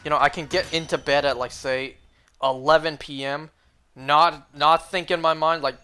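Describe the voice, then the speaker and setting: Male streamer, rambling casual chat, bright and somewhat high. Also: fairly even intonation, moderate pace, clear, resonant tone. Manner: rambling, filler-heavy talk with many "like"s. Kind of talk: casual livestream chat while shiny hunting.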